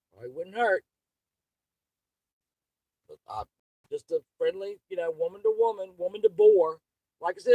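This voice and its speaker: A woman's voice: lowish voice, darkish tone, no echo, low-quality recording. A woman, hosting her channel with an angry, profane, rambling livestream rant. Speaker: channel host.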